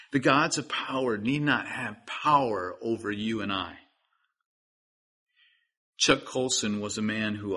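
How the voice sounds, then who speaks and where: Bright-voiced pastor preaching a sermon. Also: male voice, fairly low pitch. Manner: earnest, pleading, direct to listeners.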